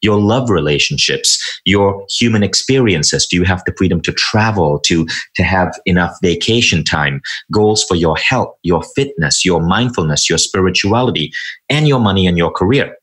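A man with a fairly low voice is a guest on an interview show. He tells motivational stories from his life in an animated, emphatic way, leaning hard on his key points. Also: moderate pace. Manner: animated, emphatic anecdote telling. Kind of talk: motivational storytelling.

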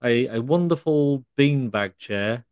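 A man co-hosting a casual comedy podcast, delivering mock-scolding deadpan rants. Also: mid-range voice, slow pace, muffled recording. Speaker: podcast co-host.

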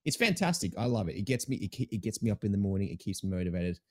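A young Australian man with a fairly low voice talks through his routine in an easygoing way. He is a streamer guesting on a casual show, and his speech is upbeat and full of slang. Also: big pitch swings, racing. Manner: laid-back, upbeat, slangy. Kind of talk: casual chat.

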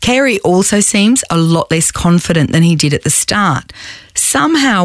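A woman's voice: mid-range voice, dry recording. A woman host giving scripted, wry narration. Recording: dry voice-over with faint music.

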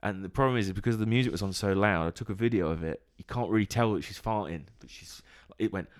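Chatty man, lowish voice. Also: fast. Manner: chatty storyteller, laughs often, mimics people. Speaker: podcast co-host. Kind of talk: casual chat.

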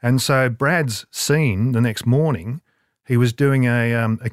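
A rambling older man spins a self-deprecating yarn, stopping and restarting his sentences. His voice is mid-pitched and dry, close to the mic. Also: slow pace, dry recording. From Australia. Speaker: interview guest, advertising creative. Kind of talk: casual anecdote telling.

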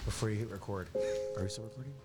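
A man's voice: fairly low pitch, rapid-fire, loud music behind the voice. A man co-hosting a podcast, telling a story in casual chat, swearing freely, laughing and acting out what others said. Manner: profane, laughing, acts out quotes. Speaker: podcast co-host.

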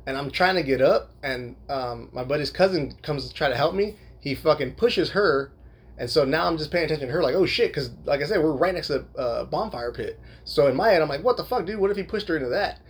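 A man's voice: a little high, fairly quick, breathy edge. A young man casually telling a long personal story, rambling with lots of fillers and frequent swearing. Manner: laughs while telling.

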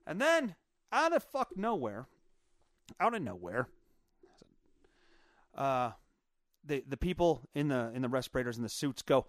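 A man hosting his own podcast, telling a long story in a rambling, profane, animated way. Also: medium pitch, moderate pace, pauses often, dry recording, studio quality. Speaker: podcast host. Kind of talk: casual storytelling monologue.

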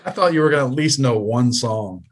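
A man's voice: mid-range voice, lively intonation, a little fast. A man co-hosting a podcast, rambling in a laid-back way and swearing casually. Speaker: podcast co-host. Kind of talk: casual chat.

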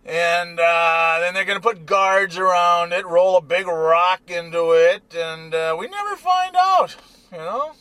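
A man's voice: high-pitched, unhurried, bright, forceful tone, clean tone, no echo. A man rambling and joking irreverently in a casual monologue from his car. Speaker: vlogger. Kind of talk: casual monologue while driving.

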